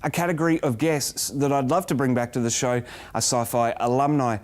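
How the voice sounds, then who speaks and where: A man with an Australian accent narrating a retrospective of his own show as host, in a steady, enthusiastic way. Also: mid-range voice, fairly quick.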